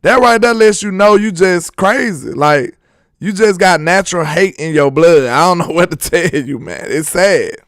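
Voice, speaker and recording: A young man hosting a sports live stream, reading chat and loudly teasing viewers with laughter. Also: high voice, moderate pace, no echo. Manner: loud trash talk, laughing and teasing viewers. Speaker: sports channel host.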